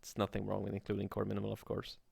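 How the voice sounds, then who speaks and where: A man teaching coding on a livestream in a relaxed way, thinking aloud and swearing casually. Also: fairly low pitch, rapid-fire, creaky, husky, no echo. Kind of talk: casual live coding tutorial.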